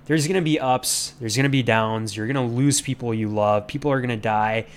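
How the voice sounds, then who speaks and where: Man, podcast host, earnest, rambling, middle pitch, casual reflective talk. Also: fairly quick. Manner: earnest, rambling, many fillers and restarts.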